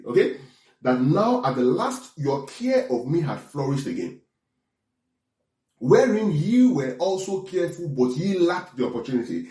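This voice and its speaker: A man's voice: on the high side, warm tone, reverberant. A man preaching a sermon, teaching in a conversational way with frequent check-ins and restarts. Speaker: pastor.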